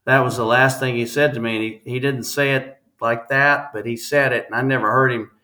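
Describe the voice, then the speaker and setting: A man, a guest on an interview podcast, telling a personal story in an earnest, halting way with many restarts. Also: mid-range voice, steady tone, pushed and bright.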